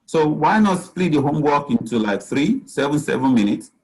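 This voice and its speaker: A man's voice: fairly high pitch, animated, normal speed, darkish tone, poor audio. A man, a physician speaking as guest at a parenting talk, giving earnest advice and often saying "you know.". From Nigeria.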